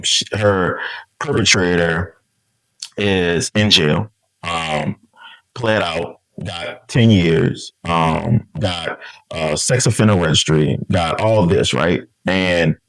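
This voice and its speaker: A man's voice: low-pitched, no echo, poor audio. A young man, a community organization founder talking earnestly in an interview, often adding "right?" and "man". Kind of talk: casual interview conversation.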